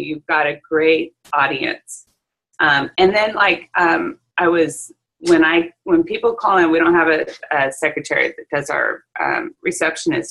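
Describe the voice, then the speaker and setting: A chatty salon owner talks over a video call, with a low, gravelly voice and a husky edge. She tells her stories in a lively way, full of "you know" and "um". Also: poor audio. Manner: chatty, animated storytelling with fillers. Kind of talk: casual chat on a video call.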